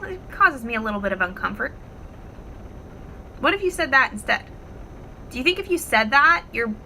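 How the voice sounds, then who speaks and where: A woman talks straight to the camera at home, animated and expressive, swearing casually as she tells a story. Her voice is bright and a little high. Faint room noise sits underneath. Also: rough recording. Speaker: wellness vlogger.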